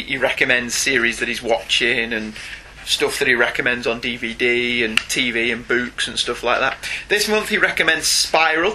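A man's voice: medium pitch, bright, forceful tone, a little hiss or hum, low-quality recording. A Northern English man co-hosting a casual comics podcast. He chats, teases his co-host and laughs readily. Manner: chatty, teasing, quick to laugh. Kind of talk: casual comics review chat.

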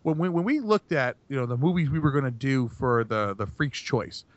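This podcast co-host talks at normal speed with a medium pitch and lively intonation, chatting casually and rambling through many restarts and fillers. The dry recording comes from a dull, lo-fi podcast mic.

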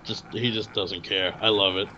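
A man's voice: fairly low pitch, level tone, moderate pace, bright, forceful tone. A man co-hosting a casual film commentary, enthusiastic and wisecracking. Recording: dull lo-fi audio with faint hiss.

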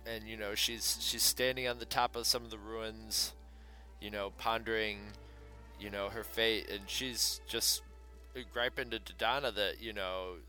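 Sex: man. Style: casual chat, co-hosting. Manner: rambling, filler-heavy storytelling. Tone: bright. Behind: faint music. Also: on the low side, steady tone, measured pace. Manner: rambling retelling with many fillers.

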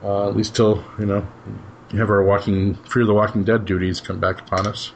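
Man, low voice, easygoing podcast host who laughs a lot and trails off. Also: flat delivery, fairly quick, a little mellow, a little hiss or hum. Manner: laid-back, chuckling, trailing off with "so". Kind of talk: casual podcast chat.

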